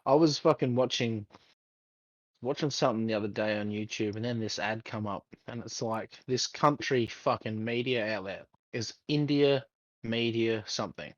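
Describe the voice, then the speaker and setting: A man's voice: on the low side, moderate pace, dry recording. Ranting man, dry and slightly dull sound. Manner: heated ranting, heavy swearing, keeps adding "man". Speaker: podcast co-host. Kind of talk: casual chat.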